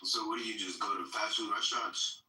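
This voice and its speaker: A man's voice: lowish voice, fairly even intonation, brisk, pushed and bright, slight background noise. Teasing man, far off in an echoey room. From Africa. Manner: teasing, joking banter. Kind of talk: casual chat.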